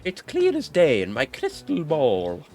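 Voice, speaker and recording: A man's voice: huge pitch swings, measured pace, darkish tone. A man voicing an old fortune teller woman in a crackly hag voice, cryptic and theatrical. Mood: mysterious. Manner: high-pitched and dramatic.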